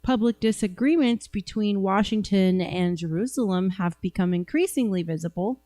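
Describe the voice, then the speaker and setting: A woman's voice: medium pitch, normal speed, dark tone, dry recording. A woman hosting a podcast, giving blunt, sarcastic commentary on news clips. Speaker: podcast host.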